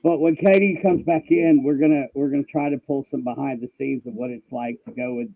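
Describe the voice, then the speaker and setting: A man's voice: mid-range voice, steady tone, brisk, vocal fry, no room sound, highs cut off. A man hosting a live podcast in an upbeat, chatty way, introducing his guest. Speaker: podcast host.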